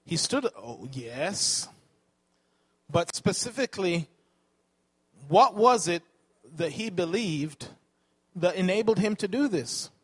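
A man's voice: sits high, lively intonation, slow pace, pauses often, husky. A man preaching a sermon, asking the congregation questions and correcting himself as he teaches.

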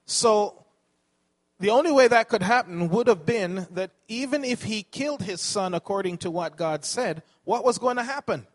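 A man's voice: high-pitched, lively intonation, moderate pace. A man preaching a sermon, asking the congregation questions and correcting himself as he teaches.

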